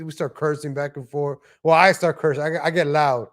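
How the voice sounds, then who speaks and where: A man's voice: on the high side, steady tone, fast. A man hosting a live stream, commenting on viral videos in a blunt, profane, ranting way. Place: lives in Texas.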